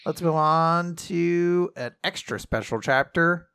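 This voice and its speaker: A man's voice: fairly high pitch, takes it slowly, bright, forceful tone, clean tone. A man co-hosting a podcast, commenting in a dry, wry way. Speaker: podcast co-host. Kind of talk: casual chat.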